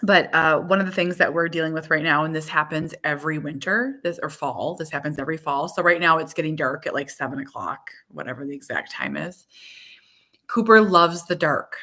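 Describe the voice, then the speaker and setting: A woman in her thirties, a mother, talking casually on a live chat stream, rambling with many fillers and quick laughs. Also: low voice, lively intonation, bright, forceful tone.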